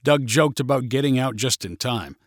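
A man narrating a story in a steady, plain reading manner. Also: medium pitch, moderate pace, dry recording, clean studio sound.

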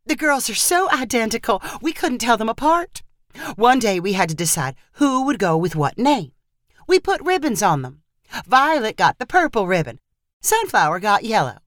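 A woman's voice: a little high, very animated, normal speed, no room sound, studio quality, pitched above the performer's own voice. A woman voicing a nervous, flustered middle-aged mother in a storybook reading, babbling fretfully.

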